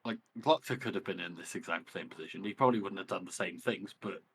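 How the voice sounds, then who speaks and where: A man's voice: sits low, fast, a bit bright. A man co-hosting a book podcast, talking casually and hesitantly with many fillers. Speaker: podcast co-host.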